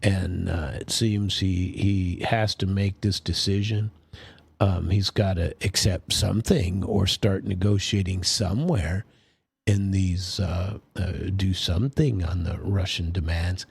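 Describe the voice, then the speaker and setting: A man's voice: low-pitched, steady tone, a little slow, gravelly, slightly rough, no room sound. A man hosting a political commentary show, talking casually and rambling with many fillers and restarts. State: sleepy, yawning.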